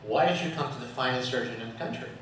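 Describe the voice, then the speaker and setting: A man's voice: medium pitch, fast talker, fairly bright tone, a little hiss or hum, lightly acted. A man playing an exasperated male surgeon in a spoken joke, recorded from a distance in an echoey hall. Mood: irritated. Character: annoyed male surgeon demanding payment.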